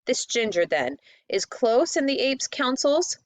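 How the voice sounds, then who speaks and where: A woman's voice: high voice, very animated, measured pace, no room sound, voice pushed up. A woman voicing a noble young king who speaks in a formal, old-fashioned way in a storybook reading. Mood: grave. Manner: formal, archaic speech.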